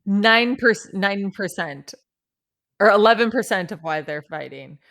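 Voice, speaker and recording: A woman co-hosting a casual podcast, talking fast in loose bursts and breaking into laughter often. Her pitch sits in the middle range, and her jokes come as quick asides. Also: lively intonation, fairly bright tone. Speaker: podcast co-host. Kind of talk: casual chat recapping a reality show.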